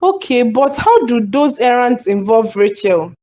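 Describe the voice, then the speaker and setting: A woman's voice: on the high side, very animated, unhurried, a little mellow. A woman voicing a suspicious young wife in a cartoon, pressing with questions. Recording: slightly dull sound.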